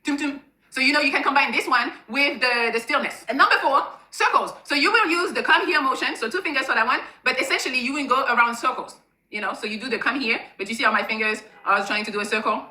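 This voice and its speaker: A woman's voice: high voice, sharp tone, roomy sound. A woman giving blunt, profane how-to advice, demonstrating as she explains. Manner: frank and profane, demonstrating with hands. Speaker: sex-advice presenter. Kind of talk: blunt instructional talk.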